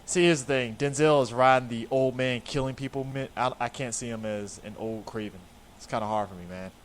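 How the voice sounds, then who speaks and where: A man's voice: mid-range voice, fairly quick. Laid-back swearing man hosting a chat. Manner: laid-back, swears freely, trails off and restarts. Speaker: podcast host. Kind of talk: casual chat.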